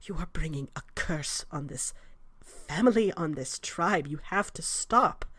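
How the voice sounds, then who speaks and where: A woman's voice: lowish voice, expressive, a little slow, dry recording. A woman voicing a stern, scolding elf midwife. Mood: hushed warning. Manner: cold, scolding, hushed. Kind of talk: tabletop role-play.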